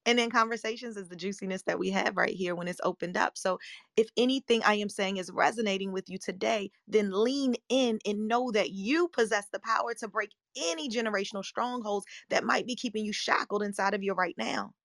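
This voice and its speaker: A woman in her forties giving an upbeat motivational talk as a coach, her voice slightly hoarse and scratchy, often checking in with her listeners. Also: medium pitch, a little fast, a bit bright, dry recording, clean studio sound. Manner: upbeat, emphatic, rhetorical check-ins. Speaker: life coach and live-room host.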